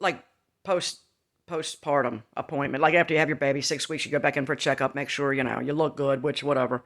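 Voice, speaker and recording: A woman's voice: low-pitched, normal speed, fairly bright tone. A woman in her fifties telling a candid, rambling personal story to her viewers, with laughing asides. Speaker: vlogger. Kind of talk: casual storytelling to camera.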